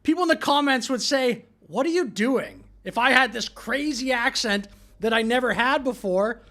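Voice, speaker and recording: A man's voice: very high voice, moderate pace, sharp tone. A man hosting a political commentary show, talking over clips in a mocking, exasperated way. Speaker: commentary channel host.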